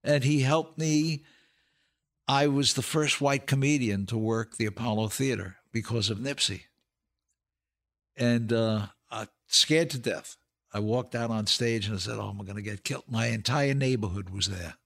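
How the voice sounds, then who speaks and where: A man's voice: mid-range voice, normal speed, creaky, a bit bright. An older man, an actor and comedian, telling anecdotes as a guest in a podcast interview, laughing through his punchlines.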